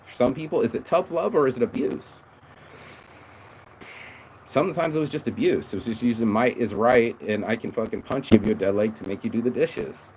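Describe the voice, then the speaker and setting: A man's voice: medium pitch, a little fast, darkish tone, a little hiss or hum, rough recording. A man hosting a casual motivational monologue, blunt and profane, rambling and emphatic, often confessional and hard on himself. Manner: confessional, self-critical. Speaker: podcast host.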